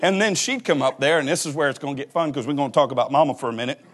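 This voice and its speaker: A man's voice: medium pitch, racing, a bit bright, slightly rough. A man in his forties, a pastor giving a humorous sermon and acting out little scenes as he laughs. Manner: joking storyteller who acts out voices and laughs.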